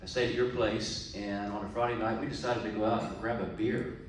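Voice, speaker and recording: A man's voice: lowish voice, steady tone, fairly quick, a crowd in the background. A man telling a folksy, chatty joke story to a club meeting, talking straight to a friend in the audience. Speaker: club speaker. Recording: echoey room from far off.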